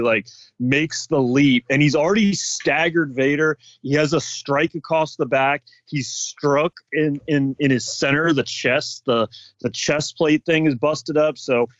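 Excited man recapping scenes, dull dry audio. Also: on the high side, measured pace, no room sound. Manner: excited, says "like" often, retells scenes. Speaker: podcast co-host. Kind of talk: casual fan chat.

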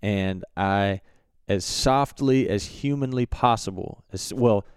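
A young man telling a hunting story in a relaxed, halting way with many fillers and restarts. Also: fairly low pitch, clean tone, no room sound, studio quality. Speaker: turkey hunter recounting a hunt. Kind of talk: casual storytelling.

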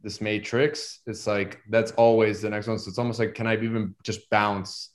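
A man in a workshop sharing an experience, halting and searching for words as he talks. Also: lowish voice, little pitch movement. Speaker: workshop participant.

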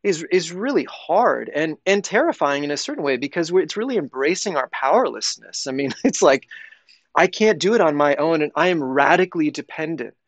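A man's voice: a little high, animated, brisk, no room sound. A man who is a priest, speaking as a podcast guest and thinking aloud as he explains spiritual ideas in casual conversation.

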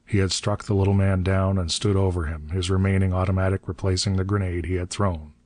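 A man narrates an adventure audiobook in a very deep voice. His reading is steady and measured. The recording is dry and close, with no room sound. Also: no echo.

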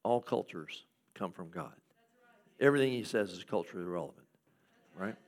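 A man preaching a sermon in a conversational way, with fillers and short laughs, sometimes acting out skeptical questions in a higher voice. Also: lively intonation, normal speed. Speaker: pastor.

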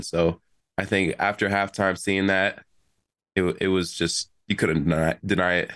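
Young male athlete, relaxed storyteller, voices the quotes, dry room. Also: sits low, normal speed, no room sound. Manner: animated storytelling, acts out quotes. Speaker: college football player. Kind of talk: casual chat.

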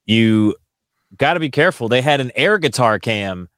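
A podcast host engages in laid-back, rambling banter during casual chat. His mid-range voice is expressive, fairly bright, clear and resonant, at normal speed, in clean studio sound with no room sound.

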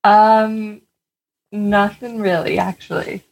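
Slow-talking, husky-voiced woman co-host. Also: mid-range voice, fairly even intonation, a little mellow, low-quality recording. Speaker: podcast co-host. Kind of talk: casual podcast chat.

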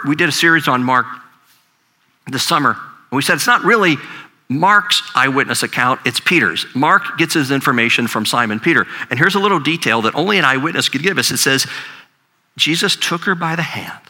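A man's voice: medium pitch, bright, forceful tone. An older man, a grandfather, preaching a sermon in a conversational storytelling way, often repeating words as he talks. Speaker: pastor.

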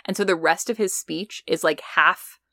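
Low, gravelly woman in casual talk. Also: steady tone, moderate pace, pushed and bright, no room sound, clean studio sound. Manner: thoughtful, analytical, with frequent "like" and "you know". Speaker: podcast co-host. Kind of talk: casual chat.

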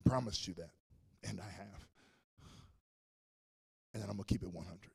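A male pastor preaching a sermon, telling a story with animated swings between loud and hushed. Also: deep voice, normal speed, vocal fry, slightly rough.

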